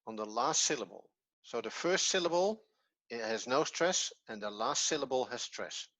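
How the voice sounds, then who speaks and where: A man's voice: medium pitch, lively intonation, normal speed, fairly bright tone. A man with a Dutch accent, his first language Dutch, teaching an online language lesson patiently and step by step with repetition. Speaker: Hebrew teacher.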